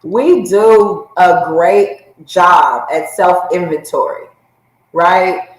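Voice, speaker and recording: A woman's voice: fairly low pitch, very slow, reverberant, low-quality recording. A woman co-host giving her take in a reflective, conversational way during a casual TV recap.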